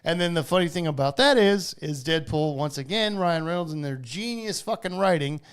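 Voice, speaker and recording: A man co-hosting a casual podcast, excitedly recapping a movie with swearing and quoted lines. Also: a little high, normal speed, clean tone. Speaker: podcast co-host. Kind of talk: casual chat.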